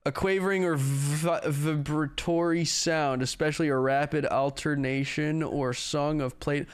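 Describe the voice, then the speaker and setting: A man's voice: on the high side, fairly even intonation, a little slow, a little hiss or hum. A male livestreamer chatting casually with viewers, joking and swearing as he answers their questions. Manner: joking, profane, self-mocking.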